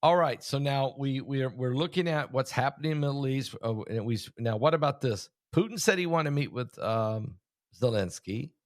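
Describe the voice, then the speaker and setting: A man's voice: mid-range voice, animated, moderate pace, no room sound, studio quality. A man hosting a casual talk show, a preacher who talks in a chatty, hesitant way with many fillers. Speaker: host, preacher.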